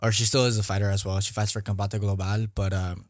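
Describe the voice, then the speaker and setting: A young male fighter speaking as a podcast guest, his voice sitting fairly low. He talks in an easygoing, halting way, full of "yeah" and "uh". The recording is dry and close. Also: flat delivery, no echo. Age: young adult. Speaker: guest, mixed martial arts fighter. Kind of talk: casual interview chat.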